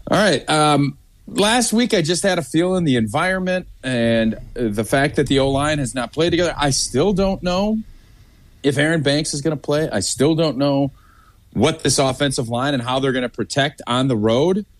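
A man co-hosting a casual sports podcast, giving his game pick with halting restarts. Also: a little high, no echo. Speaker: podcast co-host.

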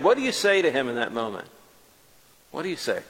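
Male preacher, mid pitch, tells the story in first person, loud then hushed, long hall reverb. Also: a little fast. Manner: animated, swings between loud and hushed.

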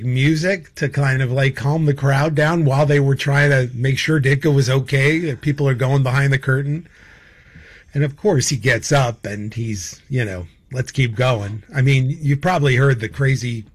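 A man telling stories as a guest in a casual chat, rambling with many fillers and laughing as he goes. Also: mid-range voice. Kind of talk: casual anecdotal storytelling.

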